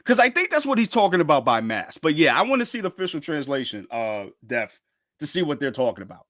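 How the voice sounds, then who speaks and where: A man reacting live to a manga chapter, reading it aloud and breaking into loud, slangy, repetitive outbursts. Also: a little high, quick pace. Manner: excitable, loud outbursts, slangy, repeats himself. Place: home streaming setup with green screen.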